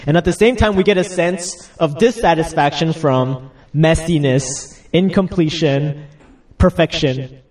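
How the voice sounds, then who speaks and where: Young guy preaching, kinda high voice, laughs a lot, mic a bit far off. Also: measured pace, darkish tone. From United States. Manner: chatty, laughing asides, acts out quotes. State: getting over a cold. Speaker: pastor. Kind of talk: casual sermon.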